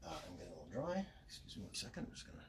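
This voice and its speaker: A voice actor on a livestream talks rapid-fire in a deep voice with huge pitch swings, and there's a little hiss or hum on the audio. He signs autographs while casually narrating what he's doing, chatty and self-deprecating, joking about himself.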